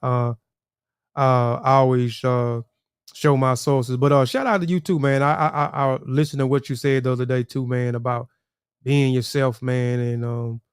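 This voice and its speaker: A man talks loosely to his livestream chat, circling back and repeating himself. His voice is smooth and resonant, with a dry, close sound. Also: medium pitch, fairly even intonation, moderate pace, dry recording. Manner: rambling, repeats words, addresses chat viewers. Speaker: livestream host.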